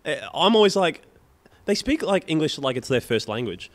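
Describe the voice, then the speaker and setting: A man's voice: on the high side, sing-song, moderate pace. A young man co-hosting a podcast, telling rant-filled stories in casual chat and swearing freely. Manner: swears a lot, ranting storyteller. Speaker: podcast co-host.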